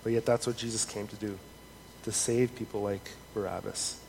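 A man preaching a sermon in an earnest, measured way, reading scripture aloud with rising emphasis. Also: lowish voice, steady tone, gravelly, darkish tone. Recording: long hall reverb, faint noise.

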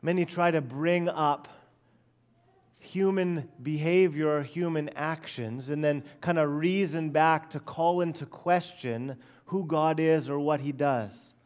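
Slow, earnest male preacher. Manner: earnest, emphatic, drops to soft low phrase endings. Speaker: pastor. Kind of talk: expository sermon.

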